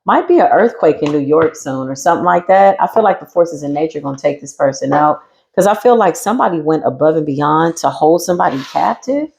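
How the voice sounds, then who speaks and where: A woman giving a casual tarot reading with a sassy, mocking manner, swearing freely and laughing loudly. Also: animated, a little fast, vocal fry. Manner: swings between low murmurs and high teasing squeals. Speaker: tarot reader.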